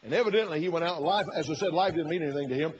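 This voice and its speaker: A man's voice: fairly high pitch, rapid-fire, breathy edge. Folksy preacher man, lo-fi sermon. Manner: folksy, retells the story with quoted inner thoughts. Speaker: pastor.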